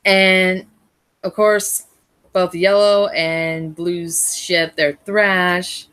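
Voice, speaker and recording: A woman with a low, deep-set voice talks slowly through a casual fan recap of an episode. She rambles, breaks off mid-phrase and restarts as she goes. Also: fairly even intonation, fairly bright tone, clean tone. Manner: rambling, with frequent restarts and self-corrections. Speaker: fan reviewer.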